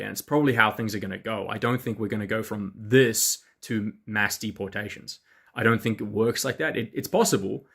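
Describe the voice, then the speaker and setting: A man talking to camera in a measured, lecturing tone, pausing often on fillers. His voice sits fairly low. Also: a bit bright. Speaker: political commentator in a played clip. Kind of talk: monologue to camera.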